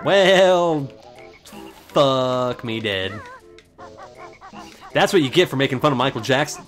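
A man's voice: mid-range voice, expressive, slow pace, pauses often, fairly bright tone, faint music behind. A man doing casual let's play commentary, joking and irreverent and cursing freely as he plays. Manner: joking, irreverent, swears often. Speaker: gaming commentator.

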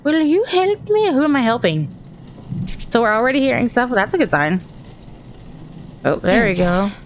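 A woman's voice: fairly high pitch, expressive, normal speed, slight background noise. Jumpy woman narrating a horror game. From Texas. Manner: chatty, thinks aloud, jumpy and easily startled. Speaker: gaming streamer. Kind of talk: horror game let's-play commentary.

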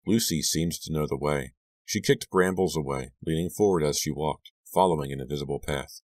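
Man, audiobook narrator, very low voice, dry close sound, hushed storytelling. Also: no room sound. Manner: measured, hushed storytelling, lifting for dialogue. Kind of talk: scripted narration.

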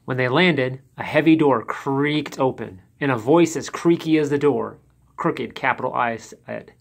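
A man reads a children's picture book aloud as the storyteller. His delivery is lively and expressive, a read-aloud voice for young listeners. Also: medium pitch, unhurried, vocal fry, slightly rough.

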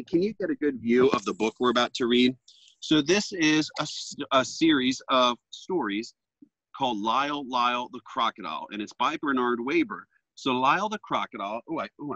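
Bright, chatty man reading aloud. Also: medium pitch, no echo, rough recording. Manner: chatty, playful storyteller aside. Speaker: reptile sanctuary educator. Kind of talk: reading a storybook aloud to children. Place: outdoor alligator pond.

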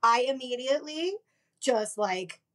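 A young woman, a podcast guest, telling a story in brash, profane, animated casual chat. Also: high-pitched, unhurried.

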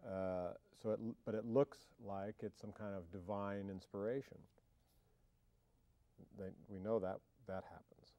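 Wry low-voiced man giving interview. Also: fairly even intonation, measured pace, mellow, dry recording. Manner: wry, joking, loose with fillers and restarts. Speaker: film actor interviewee. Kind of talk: casual interview chat.

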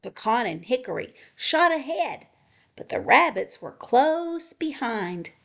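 Expressive woman reading a children's book. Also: a little high, vocal fry. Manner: gentle, expressive storytelling. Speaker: librarian storyteller. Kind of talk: children's picture book read-aloud.

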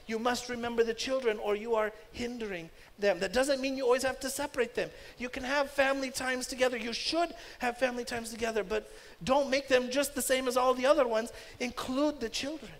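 A man pastor preaching a sermon emphatically, with loud stresses that drop into hushed asides. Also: very high voice, steady tone, brisk, hardly any pauses. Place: church sanctuary. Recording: long church-hall reverb.

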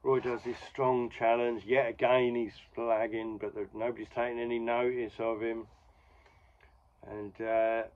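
Man, casual comic recap, rambling and wry, mid-pitched voice, muffled lo-fi recording. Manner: rambling, chatty, wry asides. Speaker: podcast host.

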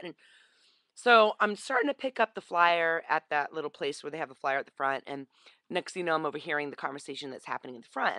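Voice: mid-range voice, sharp tone, dry recording. A vlogger telling a story casually into a webcam, acting out the voices of the people in it.

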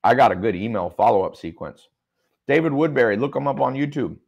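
Gravelly, joking man on a livestream. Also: medium pitch, expressive, a little fast, darkish tone. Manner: loose, joking, reads chat comments aloud. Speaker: online business mentor. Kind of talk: livestream talk to viewers. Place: studio with a sound engineer.

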